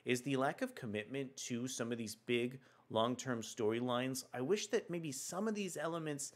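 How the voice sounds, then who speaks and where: A man's voice: mid-range voice, normal speed. A man hosting a casual livestream, chatting enthusiastically with frequent fillers. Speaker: livestream host. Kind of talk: casual comics news livestream.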